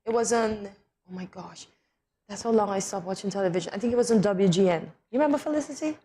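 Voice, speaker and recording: A woman's voice: mid-range voice, fast talker, mellow. A woman co-hosting a morning talk show in casual chat, playful and teasing, laughing to tears.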